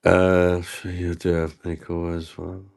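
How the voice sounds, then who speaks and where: A man's voice: sits low, completely flat delivery, measured pace, gravelly, a little mellow. A man from the UK chatting casually on a live stream, rambling and swearing as he answers viewers' comments. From United Kingdom.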